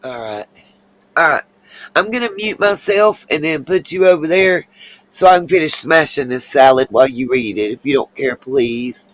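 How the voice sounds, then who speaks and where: Recorded with no room sound, a deep-voiced woman hosts a casual livestream. Chatty and addressing her viewers directly, she responds to their comments as they come through and takes drawn-out detours.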